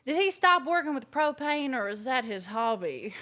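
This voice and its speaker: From her living room couch, a woman streams a video game, chatting casually and gushing thanks to her viewers. Her voice is high-pitched and bright with a forceful tone.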